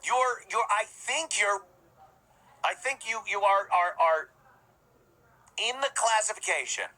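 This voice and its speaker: A man's voice: high-pitched, lively intonation, slow, sharp tone, poor audio. A man ranting scornfully in profane, mocking commentary as a podcast host.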